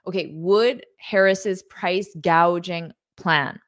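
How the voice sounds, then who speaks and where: A woman teaching an English lesson on a live stream, greeting viewers by country and repeating words slowly to model pronunciation. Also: mid-range voice, animated, a bit bright. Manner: enthusiastic, greets viewers, laughs often.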